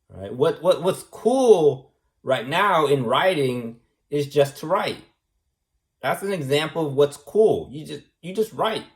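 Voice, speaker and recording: Slow, preachy man lecturing. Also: a little high. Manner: preachy, repetitive, ends lines with "man" and "right". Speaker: vlogger. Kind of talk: rambling monologue.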